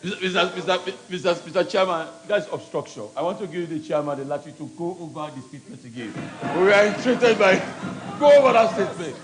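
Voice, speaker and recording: Man as MP heckling from the floor, rapid and insistent. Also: sits high, expressive, soft background music. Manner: interrupting, insistent. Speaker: member of parliament. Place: parliament chamber.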